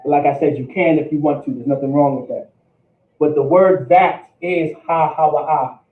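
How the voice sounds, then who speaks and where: This language instructor's voice is a little high, with fairly even intonation and a moderate pace. He repeats himself and checks in with "all right?" as he teaches in a classroom or meeting room, recorded with roomy, distant, phone-like sound.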